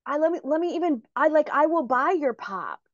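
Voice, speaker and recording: A woman voicing a grateful, excited young father in a gushing retelling within her talk. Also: high-pitched, fairly quick, no echo, pitched above the performer's own voice. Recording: dry, slightly muffled recording.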